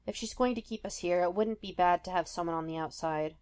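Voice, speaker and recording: Lady reading as a calm determined guy from an audiobook, firm and reassuring, voice sitting a bit low. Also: brisk, smooth, lightly acted. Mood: urgent.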